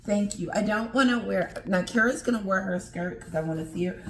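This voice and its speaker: A middle-aged woman vlogger unboxing gifts in an excited, gushing chat to camera, exclaiming often. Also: mid-range voice, a little fast, hardly any pauses, echoey room, noisy background.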